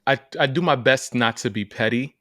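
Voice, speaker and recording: A man co-hosting a casual podcast chat, animated and emphatic, laughing often. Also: medium pitch, normal speed, no room sound, studio quality. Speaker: podcast co-host.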